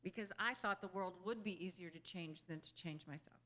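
A fairly low-pitched, slightly bright female voice moves briskly through an inspirational talk to a group. The spiritual speaker keeps it earnest and conversational, regularly checking in with "you know?" and laughing easily between thoughts.

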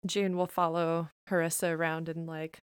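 A woman playing a tabletop game who tells an improvised campfire story, halting and laughing at her own jokes. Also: low-pitched, little pitch movement, smooth, no echo, studio quality. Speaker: player.

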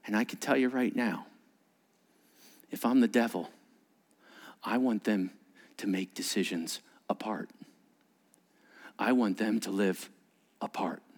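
A male pastor preaching a sermon. He acts out wedding scenes in an animated way and drops to a hushed, low delivery for emphasis. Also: slow, pauses often, long reverb tail.

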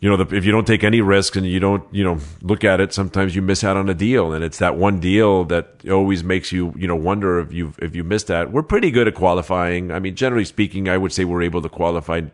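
Real estate agent, male, deep voice, chatty storyteller with quoted dialogue. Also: quick pace, hardly any pauses. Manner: animated anecdotes with laughs and quoted dialogue. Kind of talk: interview storytelling.

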